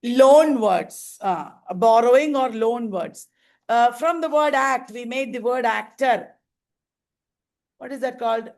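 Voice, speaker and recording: Slow-talking woman teacher. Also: a little high, a little mellow. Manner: slow, repeats terms, quizzes the class with frequent okay. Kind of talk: exam revision lecture.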